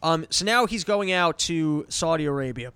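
A man's voice: fairly high pitch, expressive, normal speed, bright, forceful tone, clean tone, no room sound. A man hosting a podcast, ranting and swearing in casual chat. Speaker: podcast host.

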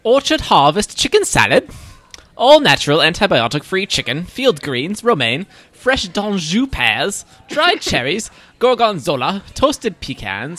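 A man with a bright, forward voice and a lively, bouncing pitch reads menu items aloud among friends. His reading is hammy and playful, with silly noises thrown in. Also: unhurried.

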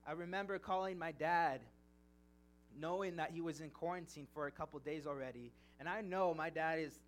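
Earnest young male preacher, slightly high. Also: a little hiss or hum. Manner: earnest, emotional, reading scripture then storytelling. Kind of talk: sermon with personal testimony.

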